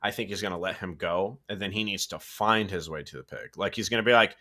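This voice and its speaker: A man's voice: sits low, fast talker, bright, forceful tone. A man casually reading a horror story aloud, stumbling, correcting himself and adding asides. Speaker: story reader and co-host.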